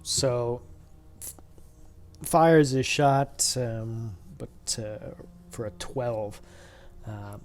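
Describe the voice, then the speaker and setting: A man narrating as dungeon master of a tabletop game, halting, with many pauses and fillers. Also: mid-range voice, faint music behind. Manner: halting, full of uhs and ums.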